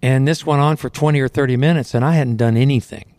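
A man's voice: mid-range voice, steady tone, fast talker, a little mellow, no room sound. Man, middle-aged, earnest testimony, conversational, close studio mic, dry sound. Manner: earnest, conversational, frequent you know. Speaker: Christian singer telling his testimony. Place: recording studio. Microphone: close studio microphone.

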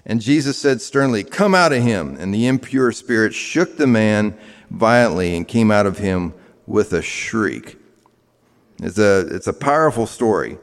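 A man from the American South preaching a sermon to a room of listeners, conversational and full of fillers and restarts. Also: medium pitch. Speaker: pastor. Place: large room with a live audience. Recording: long reverb of a hall.

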